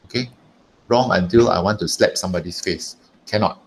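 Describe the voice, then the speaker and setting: A man's voice: low voice, a little fast, gravelly. A man with a Malaysian English accent teaching an online maths lesson, chatty and emphatic, repeating himself and talking while he writes.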